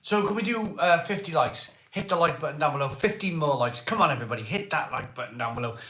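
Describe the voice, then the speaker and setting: A Welsh man with a voice hoarse from a cold, hosting a casual live stream, greeting viewers by name and asking for likes. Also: a little high, lively intonation, quick pace, bright, forceful tone. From Wales. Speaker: livestream host. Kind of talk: casual live chat reading viewer comments. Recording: echoey room.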